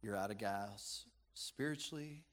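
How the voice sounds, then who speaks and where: A man's voice: on the low side, measured pace, fairly bright tone. A man pastor preaching a playful sermon to a congregation, quizzing the room with questions. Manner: playful, audience-engaging, asks the room questions. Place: church sanctuary with a congregation. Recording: long hall reverb.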